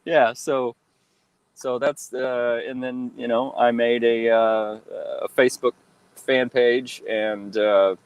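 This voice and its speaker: A man in his thirties, a guest telling stories in a relaxed interview, rambling with lots of fillers and restarts. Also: mid-range voice, takes it slowly, smooth, dry recording, low-quality recording. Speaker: guest, fan-film actor and cosplayer. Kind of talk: casual interview chat.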